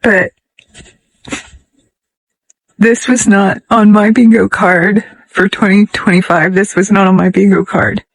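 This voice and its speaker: An older woman from the United States speaking in a halting, tearful way and at times dropping to a whisper, sharing something on a casual vlog. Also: medium pitch, steady tone, gravelly, dry recording, rough recording. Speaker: social media poster.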